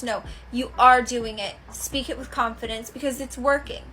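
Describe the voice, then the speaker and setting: A confident woman coaching viewers with firm, emphatic delivery. Her voice is very bright and slightly high. She speaks with definite purpose. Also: steady tone, normal speed, hardly any pauses, soft background music. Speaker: manifestation coach. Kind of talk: instructional tips to camera.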